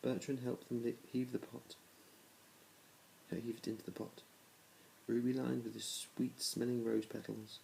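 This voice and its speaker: A man with a mid-range, dark voice reads a children's storybook aloud to his kids at a measured pace, his tone steady and touched with vocal fry. He reads plainly, with small restarts and little difference between the characters. The low-quality recording carries a faint hiss or hum.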